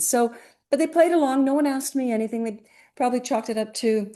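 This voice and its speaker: Speaking a little fast in a warm, fairly high voice, a middle-aged Greek woman tells stories as a guest in a casual interview. She's a voice actress, and her chatty delivery is packed with fillers and restarts.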